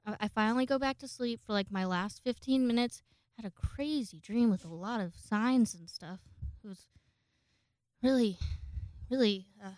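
Woman rambling thru a storytime at home, swears a lot, tons of likes and ums, smooth clear voice right up on the mic. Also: medium pitch, a little mellow, dry recording. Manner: chatty, profane, rambling with frequent fillers. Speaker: vlogger. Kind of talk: casual storytime chat. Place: home, indoors. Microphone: close microphone.

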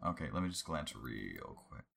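A young man chatting casually with a co-host between story readings, relaxed and offhand. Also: very deep voice, moderate pace, creaky. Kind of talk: casual chat.

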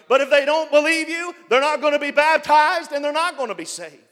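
A man preaching a sermon as pastor, building up to loud shouted passages. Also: very high-pitched, brisk, in a large hall. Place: church.

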